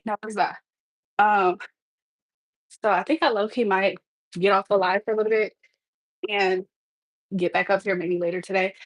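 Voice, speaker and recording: A woman's voice: mid-range voice, no room sound, rough recording. A woman hosting a casual livestream from her home kitchen, chatting to viewers while she tidies up, laughing often. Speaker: livestream host.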